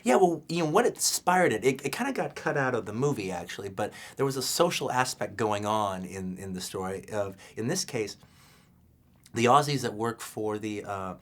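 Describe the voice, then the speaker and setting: A man's voice: on the low side, animated, moderate pace. A filmmaker being interviewed, a man talking loosely with many fillers and restarts. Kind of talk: casual interview answers.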